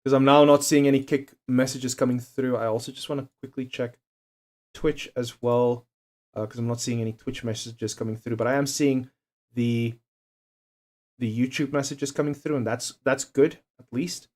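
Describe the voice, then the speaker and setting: A man's voice: medium pitch, steady tone, moderate pace, a little mellow. A young man, chatting casually to his live-stream chat while doing a quiz. He swears freely, jokes, and laughs often. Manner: profane, joking, laughs often, talks to chat.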